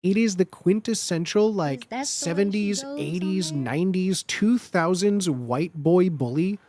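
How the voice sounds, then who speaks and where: A man's voice: high-pitched, normal speed, a crowd in the background. A young man hosting a comedic tier-list show, riffing mock-seriously on catchphrases and repeating them in put-on voices. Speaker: host ranking phrases.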